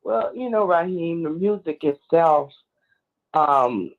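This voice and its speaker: A woman's voice: lowish voice, animated, slow. A woman calling in to a radio show, speaking earnestly with preacherly phrasing, heard through a phone line. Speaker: caller. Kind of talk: call-in radio commentary.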